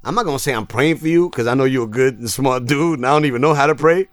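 A man's voice: mid-range voice, fast talker. A young man hosting a podcast in laid-back casual chat, full of slang and restarts. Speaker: podcast host.

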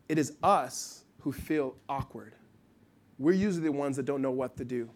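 A middle-aged man from the United States preaching a sermon in a conversational way, with restarts and asides, swinging from loud to hushed. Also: medium pitch. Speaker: pastor.

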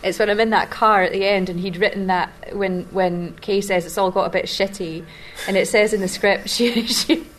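A Glaswegian woman talks about her acting role in a casual interview, laughing easily between thoughts. Her voice sits at a middle pitch. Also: steady tone, a little hiss or hum. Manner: laughing, chatty, quick-witted. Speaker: actor. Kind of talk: press junket interview. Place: small room.

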